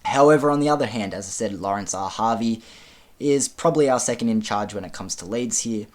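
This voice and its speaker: A man's voice: on the low side, a little fast. A man giving a casual film review, speaking frankly with frequent ums and casual swearing.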